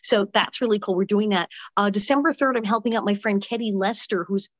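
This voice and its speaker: A woman's voice: mid-range voice, a little fast, dry recording. A woman guest chatting with energy about her upcoming shows in an interview, talking from home. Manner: lively, chatty. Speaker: actress and comedian guest. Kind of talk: interview chat.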